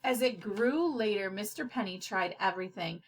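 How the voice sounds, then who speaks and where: A woman reading a children's storybook aloud in an expressive, animated way. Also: mid-range voice, normal speed, a little hiss or hum. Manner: expressive, giggly when slipping up. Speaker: storybook reader.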